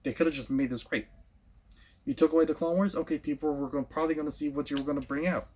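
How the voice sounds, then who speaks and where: A man's voice: fairly high pitch, fairly even intonation, quick pace, darkish tone. A man giving a casual opinion rant as a show host, blunt and repetitive, often restarting his sentences.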